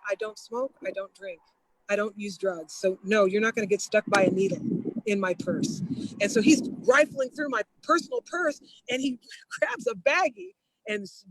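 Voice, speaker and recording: A woman guest telling a story in a casual, lively way, laughing often and slipping into the voices of the people she quotes. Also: a little high, rough recording.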